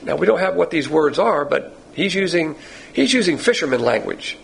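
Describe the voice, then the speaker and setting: A man's voice: fairly high pitch, lively intonation, normal speed, vocal fry, a little hiss or hum, rough recording. A man teaching verse by verse through a Bible passage to a class, in a folksy, digressive and conversational way. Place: Bible class with listeners present.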